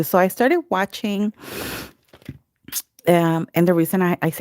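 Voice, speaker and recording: A woman's voice: mid-range voice, expressive, unhurried, long pauses, darkish tone, dry recording. A woman nail artist hosting a live tutorial, chatting to her viewers by name and narrating her steps as she works.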